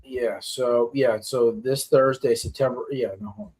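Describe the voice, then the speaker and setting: Male podcast host, thirties, casual rambling sports talk, mid-pitched. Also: normal speed, slight background noise. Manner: rambling, filler-heavy, excitable.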